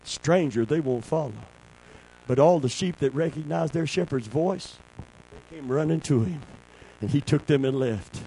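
A man preaching a sermon, calling for amens and swinging between a low hush and a shout. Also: normal speed, slight background noise, poor audio.

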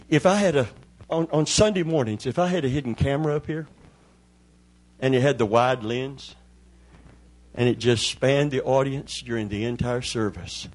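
A man preaching a church sermon, building to fervent cries of hallelujah. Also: mid-range voice. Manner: preaching with rising fervor, calling out hallelujahs. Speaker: pastor.

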